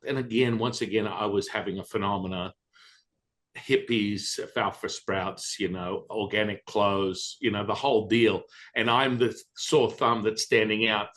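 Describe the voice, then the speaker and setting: A man with a somewhat low voice tells his story as a podcast guest. He is blunt and swears freely, acting out what he thought and said along the way. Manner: blunt and profane, animated retelling. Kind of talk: storytelling in conversation.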